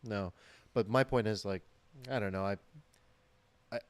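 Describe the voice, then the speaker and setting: A man co-hosting a podcast, giving measured opinions in casual chat. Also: fairly low pitch, smooth, dry recording. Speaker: podcast co-host.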